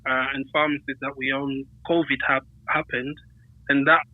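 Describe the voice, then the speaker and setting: A man's voice: medium pitch, little pitch movement, normal speed, no echo. Man on a tinny phone line. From United Kingdom. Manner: hesitant, many fillers and restarts. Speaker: guest. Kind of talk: casual conversation.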